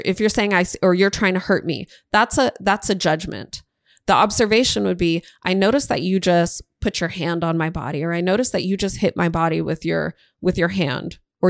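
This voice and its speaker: A woman's voice: mid-range voice, dry recording, studio quality. A woman in her thirties, a teacher and parent, explaining a method for parents in an earnest way and acting out example dialogue. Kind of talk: recorded lesson for parents.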